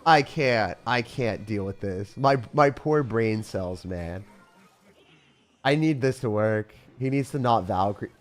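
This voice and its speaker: A young man giving live gameplay commentary as a YouTuber, excitable and dramatic, swinging between outbursts and self-pity. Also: on the low side, takes it slowly, faint music behind. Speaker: gaming YouTuber.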